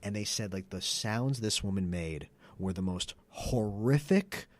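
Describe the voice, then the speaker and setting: A man's voice: on the low side, expressive, measured pace, dry recording. A man on a podcast, chatting casually and insisting on his point, telling stories with emphasis. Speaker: podcast host. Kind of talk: casual chat.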